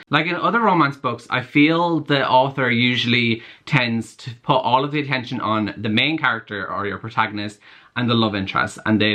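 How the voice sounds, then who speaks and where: Bright-voiced chatty male book vlogger. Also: medium pitch. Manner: chatty and gushing, full of likes and fillers. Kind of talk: casual reading vlog.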